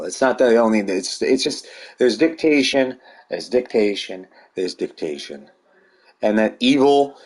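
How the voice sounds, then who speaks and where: Profane man ranting, lowish voice. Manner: profane, rambling, heated. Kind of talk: ranting monologue.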